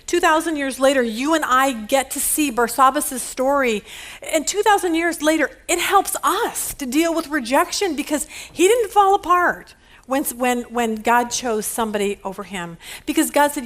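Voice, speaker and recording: A woman's voice: sits high, lively intonation, moderate pace. A woman in her fifties teaching a women's Bible study in a chatty way, telling stories and laughing often.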